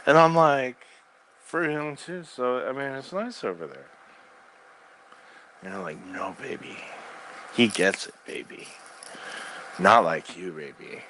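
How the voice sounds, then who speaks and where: A man's voice: mid-range voice, takes it slowly, long pauses, a little hiss or hum. Rambling man muttering from his bed. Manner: erratic, swings between loud outbursts and quiet mutters. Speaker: recording artist. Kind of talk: rambling spoken-word monologue. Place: bedroom. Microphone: microphone in bed.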